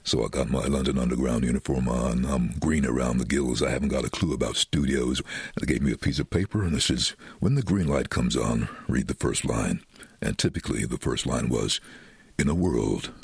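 A man who works as a voice-over artist, telling anecdotes in an interview, animated and quick to slip into other voices. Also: no room sound. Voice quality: very deep, husky voice. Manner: lively, animated storyteller doing quick voices for quoted people.

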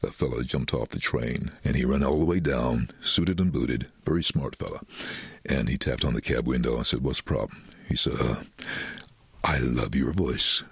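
Very deep husky male voice-over artist. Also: no echo. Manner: lively, animated storyteller doing quick voices for quoted people. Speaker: voice-over artist, interview guest. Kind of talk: anecdotal interview storytelling.

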